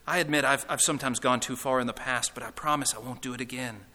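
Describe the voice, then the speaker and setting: A man voicing a sly male lizard who coaxes and wheedles softly. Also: mid-range voice, steady tone, fast talker. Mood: wheedling. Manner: soft, coaxing, persuasive. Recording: reverberant hall.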